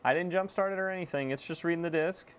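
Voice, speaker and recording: A young man casually chatting to viewers on a live stream while repairing a console, excitable and swearing freely. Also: on the high side, fast talker, clean tone. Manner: excitable, swears, self-deprecating laughs.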